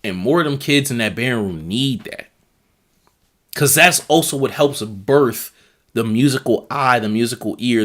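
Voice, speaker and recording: A medium-pitched man reacts to marching band videos during a live stream he hosts, with band music in the background. His talk is casual and rambling, and he often repeats himself while searching for names.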